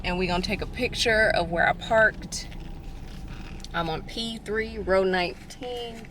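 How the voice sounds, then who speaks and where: A woman's voice: lowish voice, background noise. A young woman chatting casually to her phone camera from a parked car, slangy and self-mocking. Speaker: vlogger. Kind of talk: casual vlog chat. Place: parked car in a parking garage.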